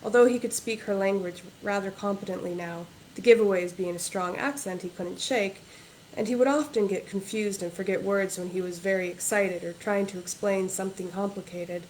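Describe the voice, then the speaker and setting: A woman's voice: mid-range voice, moderate pace, darkish tone, slight background noise, poor audio. A woman author reading aloud from her own novel at a livestreamed book launch, in a plain reading voice without character voices or accents.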